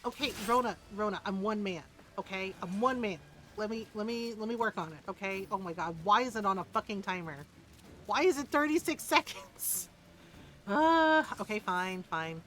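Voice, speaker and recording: A woman's voice: medium pitch, normal speed, a bit bright. A woman streaming a video game, chatting casually, joking, laughing often and mimicking characters as she plays. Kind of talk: casual gameplay commentary.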